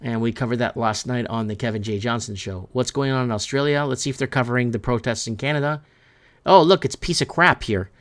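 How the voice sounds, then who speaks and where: This talk show host, an adult with three children, goes through news headlines and riffs on them casually, rambling and emphatic, often stumbling on his words. His medium-pitched voice is fairly bright and moves a little fast.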